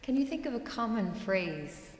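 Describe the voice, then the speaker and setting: A woman's voice: fairly high pitch, very animated, moderate pace. A woman interviewing a guest, asking short, plain questions. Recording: echoey hall, faint background noise.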